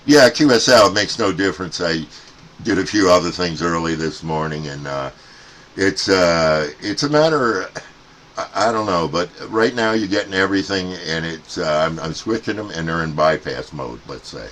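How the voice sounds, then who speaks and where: Low voiced guy from the states on cb radio, chatty, some faint noise. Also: moderate pace. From United States. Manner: chatty, loud when calling, laughs easily. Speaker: CB radio operator testing a radio. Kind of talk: radio contact chat.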